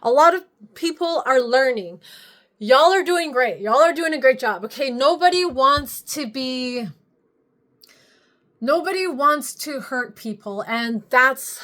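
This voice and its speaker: A woman's voice: high voice, expressive, unhurried, fairly bright tone. A woman vlogger giving a casual spiritual check-in, rambling with frequent restarts and casual swearing.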